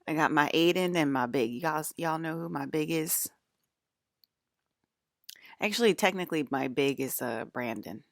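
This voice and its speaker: Low-voiced woman rambling, swearing, laughing. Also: expressive, normal speed, gravelly, pauses often, dry recording, clean studio sound. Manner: rambling, profane, laughs often. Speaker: vlogger. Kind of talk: casual rambling monologue.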